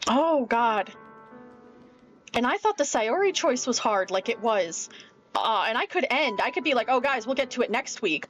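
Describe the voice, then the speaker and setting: A woman's voice: fairly high pitch, fairly bright tone. Rambling anxious woman streamer. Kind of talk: casual gaming commentary. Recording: dull lo-fi mic with faint music. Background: faint music.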